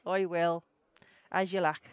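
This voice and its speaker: A woman's voice: low voice, level tone, a little slow, dry recording, lo-fi sound. A woman doing a slurring old sea dog. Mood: gruff. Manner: thick slurred sailor dialect. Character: rough old sailor, gruff and drunk. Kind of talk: reading game dialogue aloud on stream.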